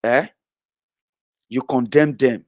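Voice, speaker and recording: A man's voice: medium pitch, slow pace, no room sound. Male commentator, combative and scornful, dry close sound. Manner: combative and scornful, many "eh" tags. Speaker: political commentator. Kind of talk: impassioned social media rant.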